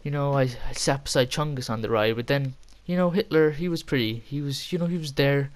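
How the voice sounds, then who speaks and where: A man's voice: medium pitch, a little fast, clean tone. A young man telling a casual, rambling story with frequent laughter and casual swearing. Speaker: vlogger.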